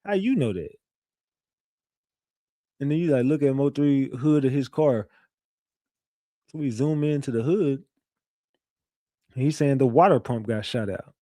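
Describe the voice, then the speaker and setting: A man's voice: medium pitch, a little slow, pauses often, mellow, no echo, clean studio sound. A man hosting a casual livestream, talking loosely and profanely, repeating himself and reading viewer messages aloud. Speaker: livestream host.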